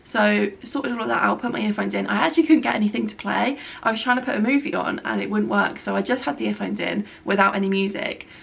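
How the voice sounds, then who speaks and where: Chatty woman with a gravelly voice. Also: mid-range voice, fast, hardly any pauses, fairly bright tone. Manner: chatty and rambling, with frequent filler words. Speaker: vlogger. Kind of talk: casual spoken update. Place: at home, by a bed.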